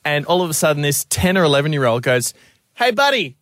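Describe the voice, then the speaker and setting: A man's voice: fairly high pitch, fast, a bit bright. A young Australian man co-hosting breakfast radio, telling rambling stories with lots of laughs. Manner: rambling storyteller, laughs often. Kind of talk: casual radio banter.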